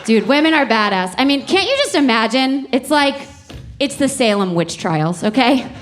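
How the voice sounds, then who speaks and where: A young woman doing a stand-up set on a comedy club stage with a handheld mic, talking in a conversational, profane way and building up to shouted punchlines. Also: sits high, very animated, moderate pace. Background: audience laughter.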